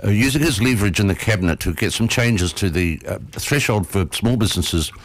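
A man co-hosting community radio, explaining things in casual chat with many pauses and fillers. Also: fairly low pitch, lively intonation. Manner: hesitant, many ums and uhs. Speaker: radio co-host.

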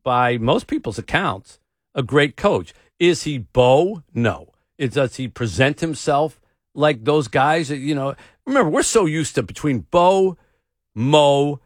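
A man hosting a talk show, telling stories with a lively, swinging voice. He mimics the people he talks about. The sound is close and dry. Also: on the high side, takes it slowly, no room sound. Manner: animated storytelling, mimics people he quotes. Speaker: radio talk show host. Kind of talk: casual chat.

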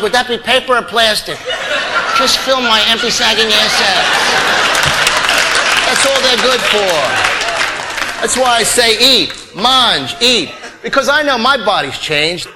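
High-pitched guy doing stand-up, excitable mock-serious rants, yells the punchlines, loud crowd laughing over a noisy live recording. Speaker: stand-up comedian. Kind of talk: stand-up comedy routine. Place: live comedy stage before a laughing audience.

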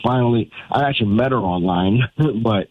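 A man's voice: mid-range voice, normal speed, no room sound. A man calling into a radio show, talking earnestly about his marriage. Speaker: caller. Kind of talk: phone-in chat. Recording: tinny phone line.

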